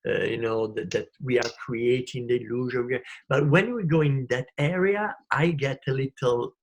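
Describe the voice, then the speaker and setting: A man's voice: medium pitch, normal speed. A man, a guest in a spiritual conversation, speaking emphatically and repeating his phrases.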